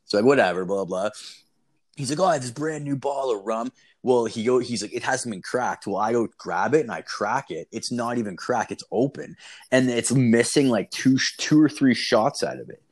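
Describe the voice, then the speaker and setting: A man's voice: mid-range voice, normal speed. A young man casually telling a story, swearing constantly and acting out what everyone said. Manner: swears constantly, animated retelling with quoted voices.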